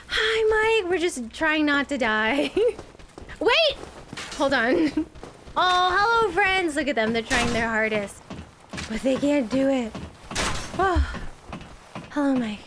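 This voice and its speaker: A woman streaming a game live, panicking with rapid repeated no's and greeting her viewers by name. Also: high-pitched, noisy background. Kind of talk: live gameplay commentary. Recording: loud music behind the voice.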